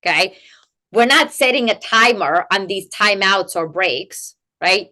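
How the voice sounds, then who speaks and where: A woman guest expert explaining in a conversational interview, animated and peppered with "like" and "right?" tags. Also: medium pitch, a little slow. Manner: animated, rhetorical "right?" tags, many "like" fillers. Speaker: guest expert in family coaching.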